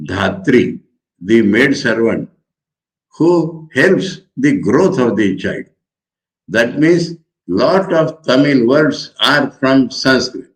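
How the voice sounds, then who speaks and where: A man's voice: medium pitch, poor audio. A man with an Indian accent, a Marathi speaker, giving a spiritual lecture as a monk and wandering through personal anecdotes. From Maharashtra, India. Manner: digressive, storytelling, thoughtful.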